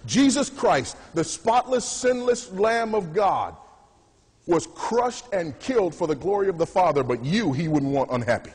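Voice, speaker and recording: A man's voice: high voice, sing-song, a little slow, darkish tone, husky. A man hosting a TV show, giving preachy commentary in an emphatic, sarcastic way. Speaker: TV show host.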